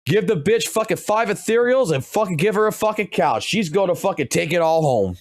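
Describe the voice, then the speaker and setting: Young guy ranting on stream, swears nonstop, gravelly fry, dry close sound. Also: high-pitched, brisk, dry recording. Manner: crude, heavy cursing, animated outbursts. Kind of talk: profane ranting commentary.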